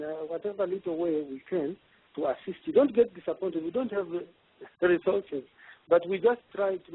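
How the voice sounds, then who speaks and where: Older Zambian male guest, slightly high husky voice, measured, over a thin phone line. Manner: measured, gracious, reassuring. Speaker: guest, institute president. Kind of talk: radio interview.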